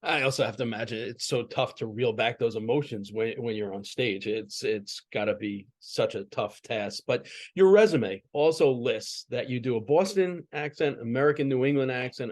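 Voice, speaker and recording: A male show host interviews a guest in a friendly, chatty way. He reads off lists and follows up with easy questions. His voice sits at an ordinary middle pitch. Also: normal speed, few pauses. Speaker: sports talk show host. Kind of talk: conversational interviewing.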